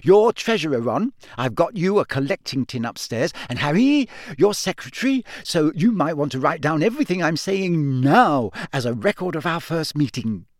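An earnest, bossy teenage schoolgirl in an audiobook, as a man puts her on, her voice raised and full of lively swings. She talks briskly and insistently, in a dry, close studio sound. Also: on the high side, dry recording, pitched above the performer's own voice. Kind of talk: audiobook character voice.

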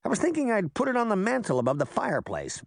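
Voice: mid-range voice, wildly swooping pitch, fast, gravelly, no echo, clean studio sound, pitched above the performer's own voice, full character voice. A man voicing a brash, smug boy fairy.

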